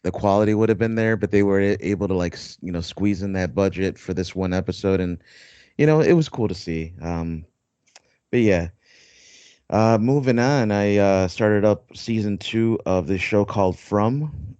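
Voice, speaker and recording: Rambling low-voiced man on a podcast. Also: moderate pace, dark tone, clear, resonant tone, dry recording. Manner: rambling, laughs often, many fillers. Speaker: podcast host. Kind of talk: casual chat. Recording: dull dry lo-fi recording.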